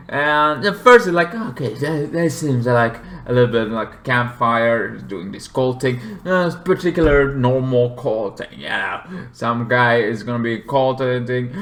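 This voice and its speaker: A man's voice: medium pitch, pushed and bright. A man casually reviewing a horror movie, rambling with many fillers and swearing as he retells scenes animatedly.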